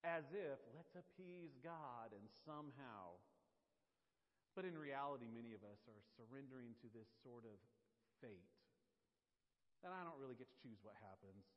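A man's voice: medium pitch, expressive, moderate pace. A male pastor preaching a conversational, joking sermon to his congregation in an echoey church hall. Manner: conversational, jokey, addresses the audience. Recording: echoey hall, dull sound.

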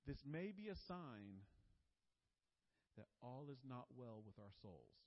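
A male pastor preaching a sermon emphatically, with big swings between loud and soft and fast and slow. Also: medium pitch, sing-song. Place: church sanctuary. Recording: dull recording with long church reverb.

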